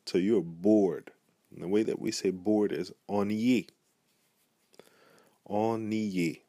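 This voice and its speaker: A man's voice: sits low, fairly even intonation, normal speed, warm tone, slightly rough, no echo, clean studio sound. A man giving a pronunciation lesson, speaking patiently and repeating each example word. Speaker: language teacher. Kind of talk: pronunciation tutorial.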